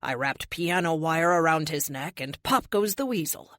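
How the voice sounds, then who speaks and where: Woman playing cold-blooded female vigilante, flat emotionless delivery, defiant, dry read. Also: sits low, moderate pace, dry recording.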